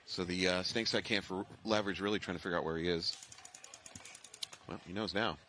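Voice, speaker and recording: Brief: deep-voiced male play-by-play commentator from Ohio, easygoing banter, outdoor noise behind. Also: fairly even intonation, fairly quick, sharp tone. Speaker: paintball commentator. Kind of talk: live sports commentary. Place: outdoors at a paintball field.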